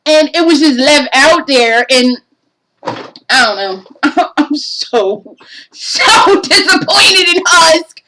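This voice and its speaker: A woman's voice: high voice, expressive, slow, heavy background noise. A woman giving a casual game review, profane and exasperated, ranting animatedly.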